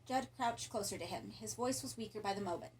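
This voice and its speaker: A woman reading a horror story aloud in a calm, even narration. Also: mid-range voice, brisk, a little hiss or hum, low-quality recording. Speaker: audiobook narrator.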